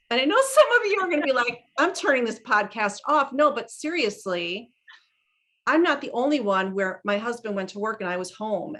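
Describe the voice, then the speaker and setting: A middle-aged woman hosting a podcast, chatting casually and telling stories in an animated way, with many restarts. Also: fairly high pitch. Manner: chatty, animated storytelling with frequent laughs and restarts. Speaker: podcast host. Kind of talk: casual conversational interview.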